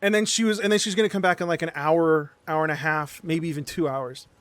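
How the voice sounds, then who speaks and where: A man streamer telling a story in casual chat, animated and sarcastic, with frequent stammered restarts and swearing. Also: a little high, fairly quick.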